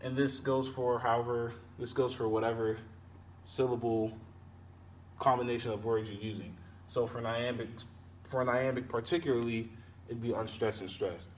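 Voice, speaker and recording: A man walks through poetry meter in a halting, patient way, correcting himself as he goes. He sounds set back from the microphone, with a faint hiss of background noise. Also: medium pitch, steady tone, distant mic. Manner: slow, halting explanation with self-corrections. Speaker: teacher.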